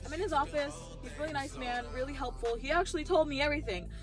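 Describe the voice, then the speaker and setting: High-voiced woman ranting in a vlog. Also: fast talker, over music. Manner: animated, acts out both sides of conversations. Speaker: vlogger. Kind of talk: casual storytelling rant.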